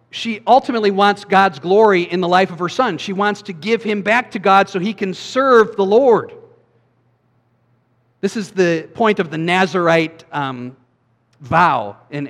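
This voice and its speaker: A man giving a sermon as a pastor, preaching in a conversational way with quick asides. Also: sits high, a bit bright, big-room sound.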